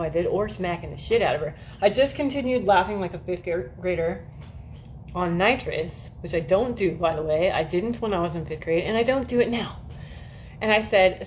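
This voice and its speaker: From an air-conditioned room at home, a woman livestreams and chats loosely with her viewers, swearing freely, rambling and laughing at herself often. Her voice is mid-range, with slight background noise.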